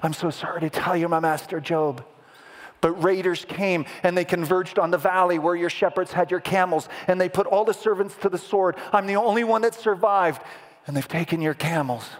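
Man doing a panicked servant man, breathless, urgent, raised pitch, reverberant hall. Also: normal speed, natural voice. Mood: desperate. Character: panicked male servant bringing terrible news.

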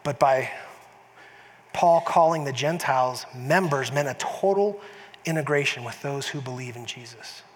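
A male pastor preaches a sermon in a church sanctuary, speaking conversationally with frequent restarts and emphatic asides to the congregation. His voice sits in the mid-range and moves at a measured pace. The recording has a long church-hall reverb and slight background noise.

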